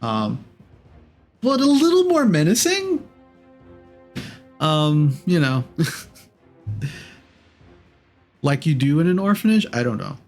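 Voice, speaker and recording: A man running a tabletop game as game master, narrating in an unhurried, rambling way with many ums and self-corrections. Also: medium pitch.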